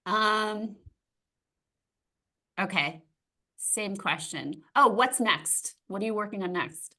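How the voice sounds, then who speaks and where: Female interviewer with a bright, crisp voice, brisk friendly questions. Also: mid-range voice. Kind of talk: casual conversation.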